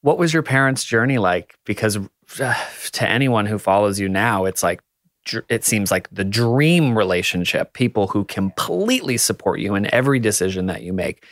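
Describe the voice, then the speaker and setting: Low-voiced male interviewer, dry sound. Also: animated, normal speed, fairly bright tone, no room sound. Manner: thoughtful, searching for words. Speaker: podcast host. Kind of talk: interview questions.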